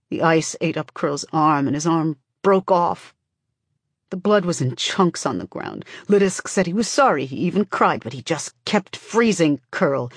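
A woman reading an audiobook, voicing a bitter, haunted father with a low, tight, simmering anger. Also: dry recording, clean studio sound.

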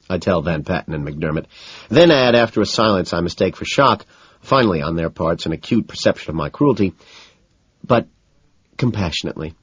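Husky, low-voiced male audiobook narrator. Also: lively intonation, brisk, no room sound, highs cut off. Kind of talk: first-person novel narration.

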